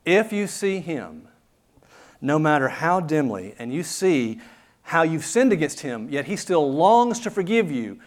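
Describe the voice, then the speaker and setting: A man preaching a sermon as pastor, earnest and conversational, putting rhetorical questions to his listeners. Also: mid-range voice.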